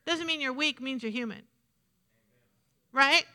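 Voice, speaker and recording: Woman preacher, high and very bright voice, chatty repetitive sermon, long hall reverb. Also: a little slow. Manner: conversational, repetitive, asks the congregation questions.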